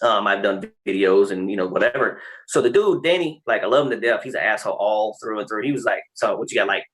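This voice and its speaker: Fast-talking bright-voiced man telling stories. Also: fairly low pitch. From Texas. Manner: animated storyteller, acts out other people's lines, swears freely. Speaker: guest, creator of the wobble dance and wrestler. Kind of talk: casual podcast storytelling.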